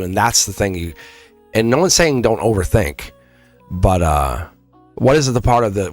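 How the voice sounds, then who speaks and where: Low-voiced man reading tarot live. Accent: Boston. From England. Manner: rambling, restarts, chuckles often. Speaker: tarot reader on a livestream. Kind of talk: casual livestream tarot reading.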